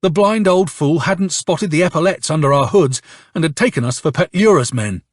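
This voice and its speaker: A man playing Myshlaevsky, a hoarse swearing officer. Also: fairly high pitch, expressive, normal speed, dry recording, clean studio sound. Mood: angry storytelling. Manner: angry, sardonic storytelling with curses. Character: hoarse young male officer, bitter and swearing. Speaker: audiobook narrator. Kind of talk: audiobook reading.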